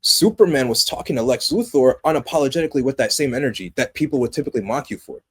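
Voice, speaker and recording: A young adult man co-hosting a podcast, chatting casually about a movie in an animated, passionate way that swings from loud excitement to low, earnest tones. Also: fast, husky. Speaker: podcast co-host. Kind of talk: casual movie review chat.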